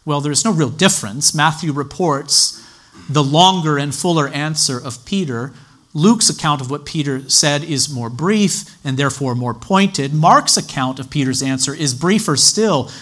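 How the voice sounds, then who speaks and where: A man teaching a sermon in a measured, explanatory way, citing scripture references as he goes. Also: a little high, fairly bright tone. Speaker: Bible teacher.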